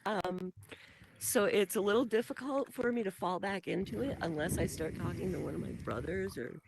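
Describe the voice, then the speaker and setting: A woman's voice: lowish voice, moderate pace, gravelly, noisy background. A woman from Vermont with a light Vermont accent, co-hosting a casual podcast and telling rambling, giggly stories. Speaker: co-host.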